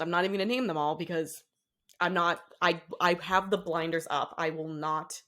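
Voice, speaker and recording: A young woman chats casually as a podcast co-host. She rambles, cuts herself off mid-thought and breaks into laughter often. Her voice sits a little low. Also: fairly bright tone. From Boston area, US. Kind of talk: casual chat.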